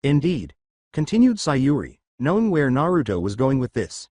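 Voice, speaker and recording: Male narrator, fan story, animated, lively pitch, dry close mic. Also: moderate pace, no echo.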